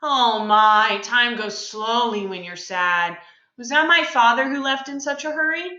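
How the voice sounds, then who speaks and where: A woman's voice: on the high side, measured pace, pushed and bright, highs cut off. A woman reading aloud as a lovesick, melodramatic young man, sighing over his unhappy love. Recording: roomy echo.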